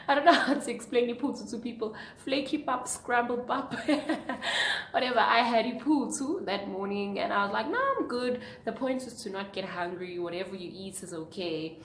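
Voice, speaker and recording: A young woman vlogger giving an earnest, preachy motivational talk to camera, asking her viewers question after question. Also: fairly bright tone. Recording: echoey room with faint rumble.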